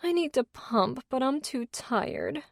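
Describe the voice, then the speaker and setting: A woman's voice: mid-range voice, animated, moderate pace, no room sound, clean studio sound, natural voice. A woman narrator voicing a worn-out, blunt, teasing new mother in an audiobook.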